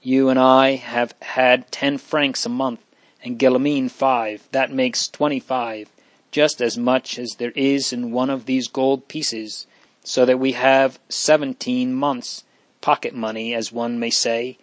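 A man's voice: medium pitch, level tone, takes it slowly, no room sound, lightly acted. A man reading as an earnest young boy. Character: earnest young noble boy, brave brother. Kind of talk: audiobook reading.

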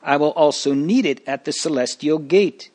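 A man's voice: on the high side, darkish tone, natural voice. A man doing a remorseful pilgrim. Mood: panicked. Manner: earnest, pleading, slow and lamenting. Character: remorseful young male pilgrim, earnest and fearful. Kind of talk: storybook reading.

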